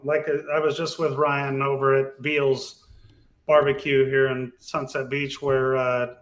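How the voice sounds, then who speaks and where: A man speaking as a podcast guest, telling racing stories in a laid-back, casual way. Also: mid-range voice. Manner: laid-back storyteller, animated when retelling races. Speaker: guest, off-road racer.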